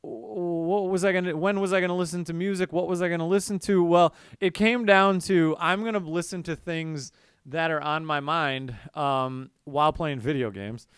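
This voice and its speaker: A man's voice: a little high, fairly even intonation, normal speed, fairly bright tone, smooth, dry recording, clean studio sound. A man co-hosting a casual music podcast, rambling along with fillers. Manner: rambling, many fillers and restarts. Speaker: podcast co-host.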